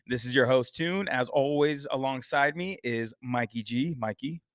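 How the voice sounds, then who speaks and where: A man's voice: medium pitch, normal speed, hardly any pauses, dry recording, clean studio sound. A man hosting a casual sports podcast, joking and rambling through banter with his co-host. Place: Texas.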